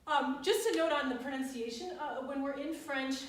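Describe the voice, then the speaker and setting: A woman's voice: high voice, moderate pace, far from the mic. A woman voice teacher giving a master class, coaching diction in a chatty way with frequent laughter. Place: voice studio. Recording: echoey room, recorded from afar, faint noise.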